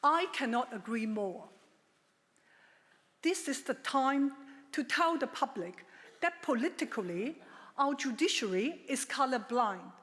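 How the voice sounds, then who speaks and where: A middle-aged woman giving a formal prepared speech at a legal ceremony, measured and emphatic with a touch of dry humor. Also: high-pitched, expressive, fairly bright tone. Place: large ceremonial hall. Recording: long hall reverb.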